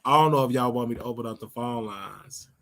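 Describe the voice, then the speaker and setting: A man's voice: medium pitch, fairly quick. An older man hosting his own show, giving a brash, scolding commentary monologue and drawing out words for emphasis. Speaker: show host.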